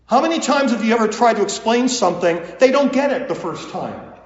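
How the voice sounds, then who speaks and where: A man preaching a sermon as pastor, telling the story with acted dialogue and lively asides, recorded in a church sanctuary. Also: very high-pitched, fairly quick. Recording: echoey hall, dull lo-fi sound.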